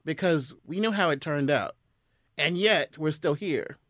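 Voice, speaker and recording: Man, podcast guest, lively storyteller; dry close sound. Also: fairly high pitch, measured pace, no room sound. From US South. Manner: animated storyteller. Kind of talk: casual podcast conversation.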